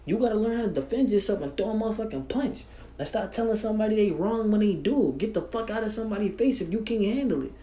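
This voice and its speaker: Ranting to camera, a young man speaks quickly in a high-pitched, expressive, mellow voice. His heated monologue is profane, full of repeated "bro" and restarts. A roomy echo and faint ambience surround him.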